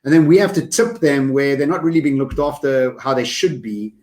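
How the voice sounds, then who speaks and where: A man co-hosting a podcast in casual conversation, energetic and given to quick lists. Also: medium pitch. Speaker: podcast co-host.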